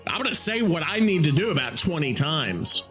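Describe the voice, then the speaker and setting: Ranting, high-voiced male podcast host. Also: sing-song, normal speed, a bit bright, soft background music. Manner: exasperated, profane, ranting. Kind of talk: solo podcast rant.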